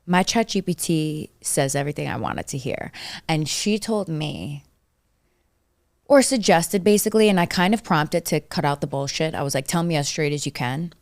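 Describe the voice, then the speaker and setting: A young woman co-hosts a casual podcast chat in a low, gravelly voice. She tells stories with lots of filler words and acts out what others said. The recording is dry and close. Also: normal speed, dry recording. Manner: animated storytelling, acts out quoted voices, many likes. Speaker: podcast co-host.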